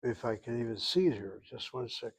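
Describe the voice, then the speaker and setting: A man's voice: medium pitch, lively intonation, quick pace, husky, rough recording. A man with an American accent giving a Hebrew grammar lesson in a blunt, emphatic classroom lecture style. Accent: American English. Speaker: Hebrew instructor.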